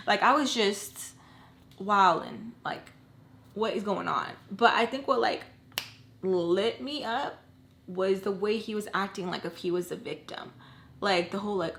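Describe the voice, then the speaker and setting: Young woman, mid pitch, casual storytime, animated and profane, faint hiss behind. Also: normal speed. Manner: animated, profane, many likes, acts out quoted people. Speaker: storytime vlogger.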